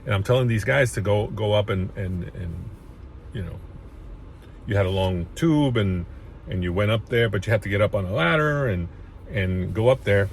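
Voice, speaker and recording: A man's voice: fairly low pitch, expressive, moderate pace, gravelly, a little hiss or hum. A man casually telling his own life story, rambling with frequent restarts and getting emotional at points. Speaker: chiropractor sharing his story.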